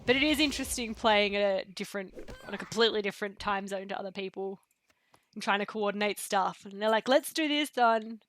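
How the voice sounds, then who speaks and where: A woman chatting casually on a live game stream, rambling with many fillers and dropping into soft asides. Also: mid-range voice, fairly even intonation, fast, slight background noise. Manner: rambling, chatty, full of fillers and pop-culture quotes. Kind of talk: casual live-stream chat while gaming.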